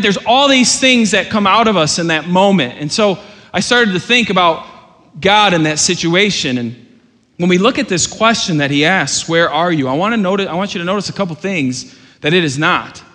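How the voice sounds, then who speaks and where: A man preaching a sermon as pastor, earnest and rising to loud, urgent questions. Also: a little high. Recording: long hall reverb.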